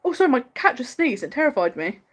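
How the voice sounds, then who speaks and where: A woman hosting a casual livestream chat, opinionated and quick to laugh, talking in a chatty, fast-flowing way full of "like" fillers. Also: high voice, sing-song, a bit bright. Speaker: livestream host.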